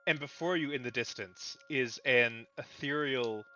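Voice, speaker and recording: Bright-voiced male dungeon master. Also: mid-range voice, unhurried, muffled recording, soft background music. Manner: relaxed, laughs easily, loose descriptive narration. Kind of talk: narrating a tabletop game.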